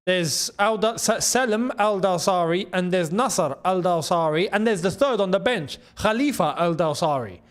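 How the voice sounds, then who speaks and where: A man hosting a live football watchalong, excitable and chatty, repeating his phrases and laughing often. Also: sits high, normal speed, hardly any pauses. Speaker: host.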